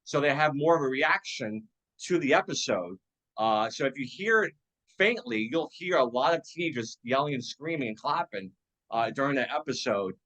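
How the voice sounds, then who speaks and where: A man's voice: medium pitch, lively intonation, normal speed, fairly bright tone, low-quality recording. A man hosting a casual chat about an old TV show, enthusiastic and laughing often, with many fillers. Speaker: podcast host.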